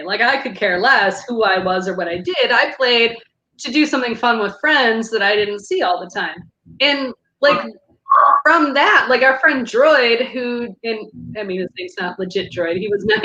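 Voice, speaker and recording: Bright, chatty woman co-host. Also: fairly high pitch, muffled recording. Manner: chatty, laughing, lots of fillers and restarts. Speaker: podcast co-host. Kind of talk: casual chat. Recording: echoey room.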